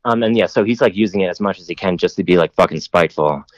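A man's voice: sits low, fast, dry recording, lo-fi sound. A man telling a long rambling story in casual podcast chat, full of "like" and casual swearing.

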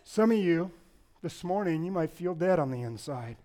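A pastor preaches a sermon at a moderate pace, expressive throughout, swelling into loud, impassioned lines and then dropping low. He also tosses playful asides to the congregation.

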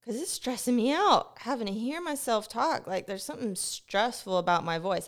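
Profane, rambling young woman host. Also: mid-range voice. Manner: profane, animated storytelling, rushes then slows. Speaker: podcast host. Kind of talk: casual rambling monologue. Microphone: close mic picking up breathing.

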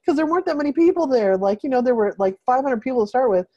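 A woman's voice: high voice, very fast, no room sound, dull audio. A woman hosting a group video call, telling a story in a rambling, casual way full of fillers. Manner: rambling, filler-heavy, animated retelling.

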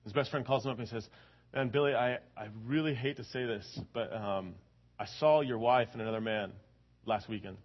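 A man's voice: medium pitch, fairly quick, muffled recording. A man giving a sermon, telling a story in a conversational way with many repeated words and building to fervent emphasis. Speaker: preacher.

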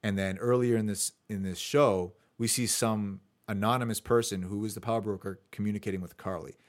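A man's voice: on the low side, steady tone, fairly quick. A man hosting a casual podcast, running through his notes in a chatty way with fillers. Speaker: podcast host.

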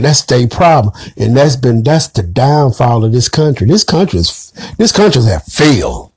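A man's voice: mid-range voice, sing-song, normal speed, a little mellow, husky, dry recording. Blunt, preachy man in a dry room. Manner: emphatic and preachy, addresses listeners as family; blunt, swears freely. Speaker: online commentator. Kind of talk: direct-to-audience commentary monologue.

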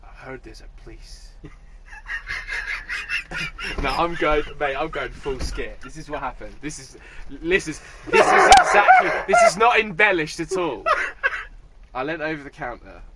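A man co-hosting a podcast, telling a comic story in a lively, sweary, casual way and laughing as he goes. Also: a little high, very noisy. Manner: animated, sweary, quick to laugh. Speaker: podcast co-host.

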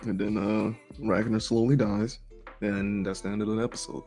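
A man's voice: lowish voice, flat delivery, moderate pace, mellow, faint music behind. A man casually recapping an anime episode with a co-host, in laid-back slang, laughing often. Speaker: podcast co-host.

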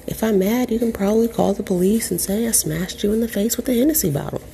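A young adult woman hosting a podcast, reading out an article and commenting on it in an animated, profane, sarcastic way. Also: medium pitch, quick pace, vocal fry, slight background noise. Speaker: podcast host.

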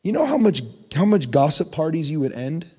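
A young man preaching a conversational sermon, his voice climbing in pitch when he presses a point. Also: very animated, brisk, darkish tone, slightly rough. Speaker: pastor. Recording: long hall reverb.

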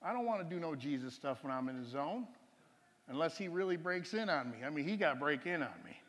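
Man, preacher, sermon testimony, slightly high voice, rambling with restarts, chuckles, reverberant church hall. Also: lively intonation, a little fast, a bit bright. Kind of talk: sermon with a personal testimony story.

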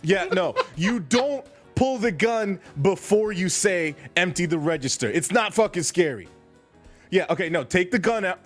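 A man's voice: high-pitched, lively intonation, moderate pace, soft background music. A man voicing a profane, bossy ghost of an ex-convict who lectures a young robber. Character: gruff male ghost ex-con convenience store regular.

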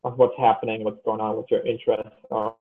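A man's voice: on the low side, little pitch movement, fast talker. A man co-hosting a casual podcast chat, easygoing and agreeable, drifting into fillers. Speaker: podcast co-host. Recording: tinny phone-like line.

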